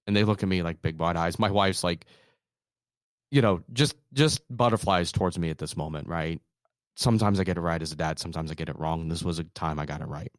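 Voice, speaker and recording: A man in his thirties with a very low, deep voice gives an earnest motivational talk. He drops to a near hush at times, then rises into emphatic bursts. The recording is close and dry. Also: fast, pauses often, no room sound. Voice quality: soft calming voice in quoted comfort. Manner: earnest, swings from hushed to emphatic. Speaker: podcast host.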